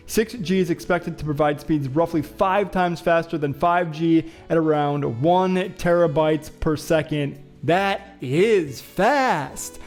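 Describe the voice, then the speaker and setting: A man's voice: fairly high pitch, a little mellow. Chatty young man riffing on news. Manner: joking, chatty, reads headlines aloud then riffs on them. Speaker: show host. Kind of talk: casual vlog commentary.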